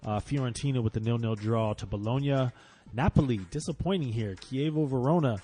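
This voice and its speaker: A man hosting a casual football podcast, running through results in an animated, profane way that gets loud when he is frustrated. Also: mid-range voice, fairly quick. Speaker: podcast host. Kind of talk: casual football round-up chat.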